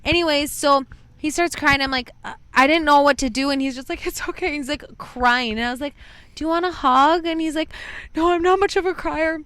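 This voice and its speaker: A woman's voice: high-pitched, fairly quick, sharp tone, dry recording. A young woman co-hosting a podcast, telling a bar story in casual chat, acting out quoted lines and saying "like" a lot. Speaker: podcast co-host.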